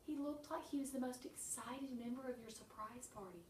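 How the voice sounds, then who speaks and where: A woman reading her own humorous memoir with wry, deadpan comic timing and sudden bursts. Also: high voice, a little fast, reverberant, far from the mic, slight background noise, rough recording.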